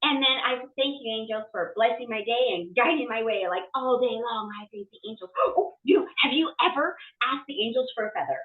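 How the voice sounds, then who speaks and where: A woman guest, a medium, chatting on a podcast in an effusive way, full of "you know" and sudden excited gasps. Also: on the high side, fairly quick, hardly any pauses. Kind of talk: casual podcast chat. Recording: tinny phone-like, roomy and distant.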